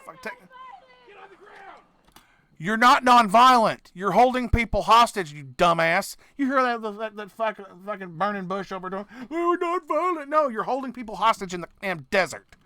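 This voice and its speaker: A man with a high, sharp, bright voice rants through a reaction video, swearing freely. He drifts between low grumbles and sudden loud outbursts, often stopping mid-sentence to start over. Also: animated, normal speed, no echo. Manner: profane, ranting, swings between mutters and shouts; trailing off, restarting sentences. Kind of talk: casual reaction commentary.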